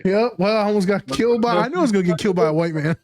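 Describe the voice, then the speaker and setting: A man's voice: high-pitched, rapid-fire, a little mellow. A man hosting a podcast in casual chat, joking and teasing his guest and laughing easily. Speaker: podcast host.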